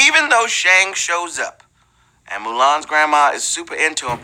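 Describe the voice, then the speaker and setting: A man's voice: on the high side, big pitch swings, moderate pace, sharp tone. A man hosting a live trivia game show, playful and hyped, bantering with his viewers and breaking into bits of song.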